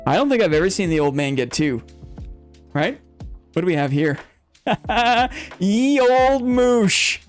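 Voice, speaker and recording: A man's voice: on the high side, lively intonation, fairly quick, long pauses, soft background music. A man hosting a live game stream, playfully teasing his chat and calling in-game fights like an announcer. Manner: builds hype like a fight announcer.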